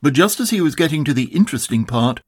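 A man narrating a children's storybook in a calm, measured, expressive way. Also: a little high, slightly rough. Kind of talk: storybook reading.

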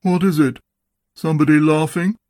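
Man reading as an excited kind little boy, eager, lifted voice, storybook. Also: fairly high pitch, normal speed, no echo, studio quality, voice pushed up, natural voice.

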